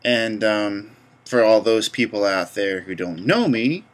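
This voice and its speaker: A man's voice: lowish voice, animated, a little slow. A young man from Georgia with a Southern accent, casually rambling through a vlog and reading a word list aloud. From Georgia, USA. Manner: rambling, easygoing. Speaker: vlogger.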